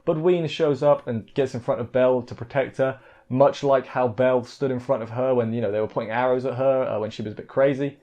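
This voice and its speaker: A man's voice: mid-range voice, fairly even intonation, brisk, dark tone. A man casually recapping an anime episode, rambling, restarting words and filling gaps with "like" and "you know". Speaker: anime reviewer. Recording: dull lo-fi audio with faint music.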